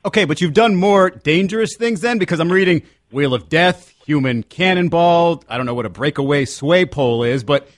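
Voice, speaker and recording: A man's voice: fairly high pitch, normal speed, hardly any pauses, dry recording, clean studio sound. A man co-hosting a radio talk show, asking curious questions. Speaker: radio co-host.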